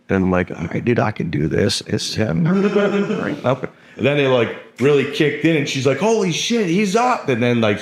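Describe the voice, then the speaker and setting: A young man telling his own story in a casual, rambling way, full of fillers and swearing. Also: medium pitch. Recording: roomy echo.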